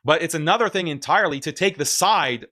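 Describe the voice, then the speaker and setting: A man's voice: on the high side, a little fast, pushed and bright. A man giving casual reaction commentary on a stream, emphatic and argumentative, often laughing.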